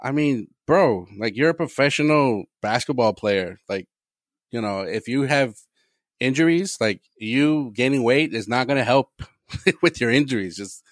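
Lively, swearing sports-talk man. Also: medium pitch, measured pace, no echo, studio quality. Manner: animated, swears freely, riffs with laughs. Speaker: podcast co-host. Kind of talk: casual sports chat.

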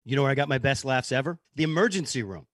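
A man, a co-host, relaxed and chatty as he tells a personal anecdote. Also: mid-range voice, quick pace, dry recording, clean studio sound. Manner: laid-back anecdote teller. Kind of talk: casual chat.

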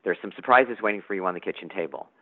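A man reading aloud as a brisk, matter-of-fact country mother, raising his voice for her. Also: low-pitched. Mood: fond, bossy. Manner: brisk, bossy. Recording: tinny phone-like line.

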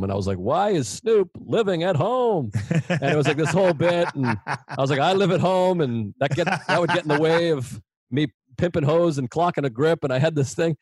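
A man who hosts a comedy podcast, telling relaxed, self-mocking stories from his early years in stand-up. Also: mid-range voice, no echo. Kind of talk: casual conversation, storytelling.

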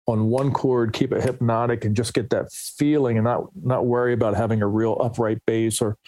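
Middle-aged male musician guest; casual anecdotal storyteller, mid pitch, dry recording. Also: steady tone, a little fast, darkish tone, dry recording. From New Jersey, USA. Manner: rambling, restarts, quotes others in anecdotes.

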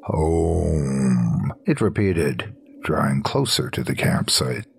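A man narrating a scripted horror story in a slow, low, hushed storytelling manner. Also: animated, vocal fry, slight background noise.

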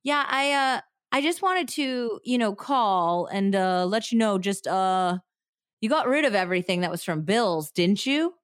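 A woman's voice: mid-range voice, clear, resonant tone, no echo, clean studio sound, close to an everyday voice. A woman voicing a nervous young man who stutters and halts between words. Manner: stuttering, halting.

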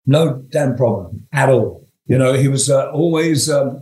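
A man's voice: medium pitch, moderate pace, darkish tone. A man in his seventies from England, a guest telling rambling, profane anecdotes with frequent chuckles. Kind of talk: storytelling interview. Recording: roomy echo.

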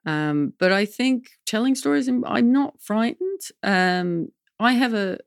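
A woman's voice: fairly high pitch, animated, measured pace, gravelly, clear, resonant tone, no room sound. A woman guest on a podcast, talking in a dry, self-deprecating way. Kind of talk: casual interview chat.

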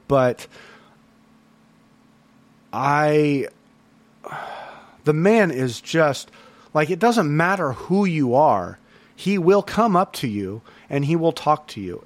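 A man's voice: a little high, no echo. A man hosting a solo podcast recap, talking in an earnest, rambling way with lots of fillers and restarts. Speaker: podcast host.

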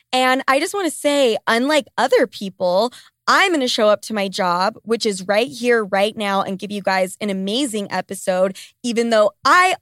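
A woman's voice: fairly high pitch, a bit bright, dry recording. Woman, twenties, podcast host, stuffy congested voice, profane and sarcastic, rambling chatter, dry close basement studio sound. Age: 20s. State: congested with a cold. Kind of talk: casual solo podcast chat. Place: small home studio in a basement. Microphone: studio microphone.

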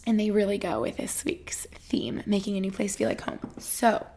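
A woman's voice: medium pitch, moderate pace, vocal fry, a little mellow, in a whisper. A young woman in her twenties hosting a casual solo podcast, chatty and bubbly with lots of fillers. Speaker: podcast host.

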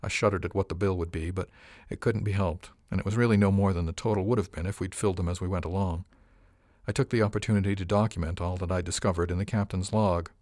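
A man reading a first-person story aloud as an audiobook narrator, in an even, measured way. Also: low-pitched, dry recording, clean studio sound.

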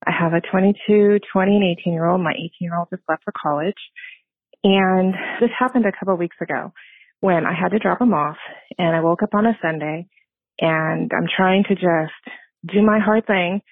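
A woman in her fifties leaves a voice message, telling a personal story nervously and earnestly and laughing at herself. Her voice is lowish and moderately paced; the recording is dry yet comes through a tinny phone line.

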